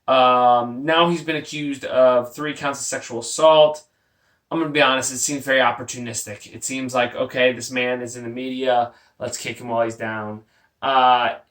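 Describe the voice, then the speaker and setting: A man with a mid-range, fairly bright voice rants about sports on his podcast, blunt and profane, making fun of those he mentions. He's from Texas, and the audio has a roomy, faraway home-mic quality.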